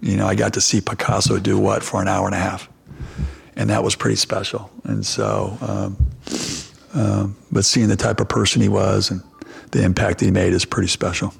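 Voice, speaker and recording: A middle-aged man coaching basketball talks to reporters in a low, gravelly voice. His tone is husky and held in a narrow, flat range. He rambles, restarting sentences as he tells his story. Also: moderate pace. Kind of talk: press conference answers.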